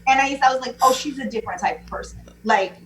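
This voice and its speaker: A woman guest chatting casually on a podcast, animated, acting out what others said. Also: sits high, fast, a little hiss or hum, low-quality recording. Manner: animated, quotes people in acted voices. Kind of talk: casual chat.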